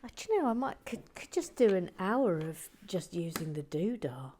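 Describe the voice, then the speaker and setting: A woman's voice: fairly low pitch, big pitch swings, moderate pace, a little mellow, a little hiss or hum. A woman hosting a vlog, chatting casually while building with bricks and often dropping into whispered asides. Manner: muttering with frequent whispered asides. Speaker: vlog host.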